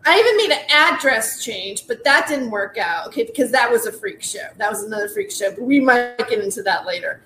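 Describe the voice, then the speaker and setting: A woman's voice: fairly high pitch, animated, fairly quick, few pauses, echoey room. A woman in her forties, a comedian telling a rambling story full of "like"s, restarts and laughing asides. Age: 40s. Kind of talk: casual storytelling monologue.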